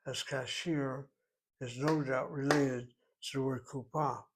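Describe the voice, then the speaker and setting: A man teaching a Hebrew class, explaining grammar in a deliberate, step-by-step way and sometimes thinking aloud. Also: mid-range voice, fairly even intonation, slight background noise.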